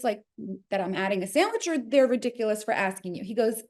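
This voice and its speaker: Animated New Jersey woman telling a story. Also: on the high side, fast talker. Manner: expressive, acts out quotes. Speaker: interview guest.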